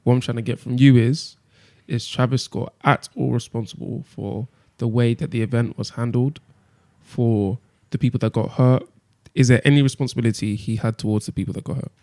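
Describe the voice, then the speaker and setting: A young man hosts a casual podcast chat and presses his co-hosts with steady, persistent questions. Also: medium pitch, brisk, hardly any pauses. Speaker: podcast host leading discussion.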